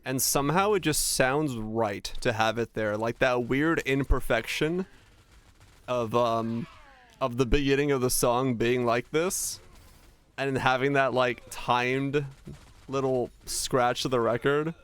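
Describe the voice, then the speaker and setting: A man's voice: medium pitch, steady tone, takes it slowly, clean tone. A young man streaming a game, chatting casually and swearing freely while he plays. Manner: casual, profane, chatty with chat. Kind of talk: casual gaming stream chat.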